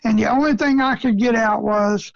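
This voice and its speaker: A middle-aged man with a gravelly, creaky voice tells a story in a casual interview. His way of talking is folksy, with rural grammar and frequent chuckles. The recording is dry and close, with a dull, lo-fi sound. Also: high voice, normal speed, dry recording. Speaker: rabbit hunting guest.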